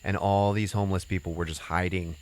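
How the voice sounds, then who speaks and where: A man's voice: deep voice, fairly even intonation, fairly quick, darkish tone. A man hosting a podcast, casually recapping a movie plot in a rambling way, full of "you know" and "uh" and loose swearing. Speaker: podcast host.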